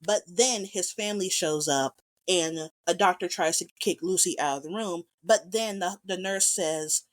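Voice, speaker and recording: A woman hosting a casual film commentary, talking with rambling enthusiasm and gushing over scenes she loves. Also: lowish voice. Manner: enthusiastic, rambling, quick to gush. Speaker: podcast host.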